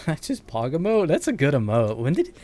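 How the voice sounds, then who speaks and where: In his late twenties, this man chats casually on a live stream while gaming, rambling and chuckling often into a noise-gated streaming mic in his bedroom. His voice sits on the high side with huge pitch swings, a dark tone, and normal speed, and faint music plays behind him.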